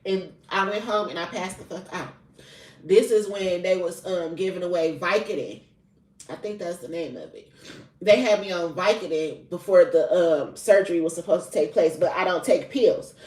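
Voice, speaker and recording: Speaking at a normal speed in a lowish, slightly mellow voice, a young woman who is a spiritual reader shares a personal story with heavy profanity and casual, confessional candor. The mic sits at a distance, giving a roomy echo.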